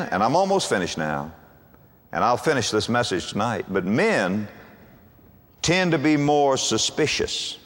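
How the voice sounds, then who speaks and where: An older man preaching a sermon in a folksy way, acting out what husbands and wives say to each other. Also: medium pitch. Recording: long hall reverb.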